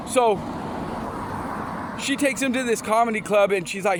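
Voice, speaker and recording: A man's voice: high voice, steady tone, moderate pace, long pauses, a little hiss or hum. A man casually telling motivational stories, rambling and restarting often, with scripture mixed in. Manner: mixes in scripture quotes. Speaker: motivational storyteller.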